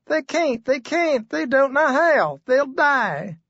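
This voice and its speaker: A man voicing a naive, excitable young wife, raising his voice high and talking in a shrill, gushing, pleading way. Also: slow, no echo, muffled recording, heavily acted. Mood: shrill upset.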